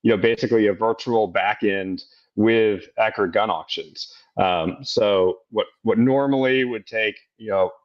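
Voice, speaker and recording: A man's voice: lowish voice, unhurried, lo-fi sound. A man appearing as a guest on a webinar. He explains things in a loose, rambling way. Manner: loose and rambling, full of "you know". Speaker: guest business partner.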